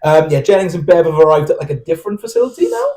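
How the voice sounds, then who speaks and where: A man's voice: on the high side, huge pitch swings, rapid-fire, mellow. A man co-hosting a film podcast, recapping scenes in casual chat full of fillers and blunt opinions.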